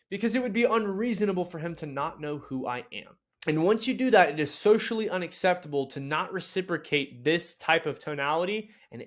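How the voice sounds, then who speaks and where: A man giving a sales training lesson in a blunt, casual, energetic way, with mild swearing. He acts out phone lines with a bright, rising tone. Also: on the high side. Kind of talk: instructional video talk.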